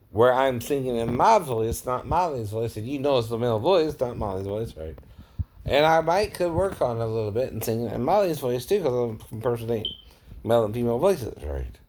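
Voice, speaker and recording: A man's voice: mid-range voice, darkish tone. A man who works as an impersonator talks casually to his viewers, keeps adding "right?" and chuckles often. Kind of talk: casual vlog monologue.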